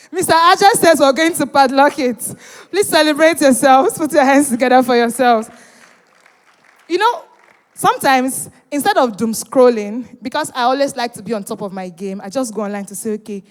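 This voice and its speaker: With a high-pitched voice and a handheld mic, a woman emcees a live event, her words ringing through the long reverb of a big hall. As host she banters with the audience, animated and playful, teasing and coaxing the crowd to answer and cheer.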